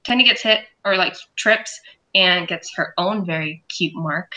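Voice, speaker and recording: A woman hosting a casual recap chat, animated and swearing freely as she retells the plot. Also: fairly low pitch, measured pace, rough recording. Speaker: show host and reviewer.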